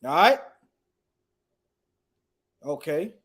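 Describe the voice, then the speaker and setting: A man giving casual commentary while reading news articles aloud. He talks emphatically, repeats phrases and stumbles over words, and mutters quietly to himself between points. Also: a little high, very animated, extremely slow, breathy edge. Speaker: political commentator.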